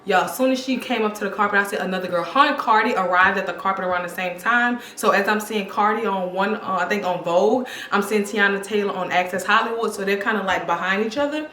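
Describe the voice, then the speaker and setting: A young woman giving a casual, excited fashion review, chatty and talking straight to her viewers. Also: mid-range voice, fast talker, hardly any pauses, a little hiss or hum. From Louisiana, USA. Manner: chatty, excited, addresses viewers as y'all and girl. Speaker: fashion vlogger. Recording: echoey room with faint music.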